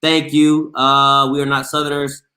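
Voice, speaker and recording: A man's voice: medium pitch, unhurried, roomy sound. A man from Maryland hosting a sports show, chatting casually and arguing playfully with his viewers. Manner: animated, playful, argumentative banter. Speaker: sports show host reading chat. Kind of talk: casual live-stream chat.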